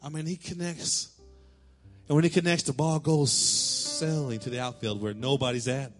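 A male pastor preaching a sermon in church, telling a lively story and calling out cheers in a raised voice. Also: mid-range voice, moderate pace, soft background music. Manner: animated storytelling, shouting quoted cheers.

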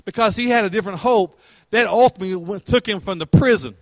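A man's voice: high-pitched, fast talker, no echo. A male pastor preaching a sermon in a conversational way, asking questions and retelling scripture in everyday words.

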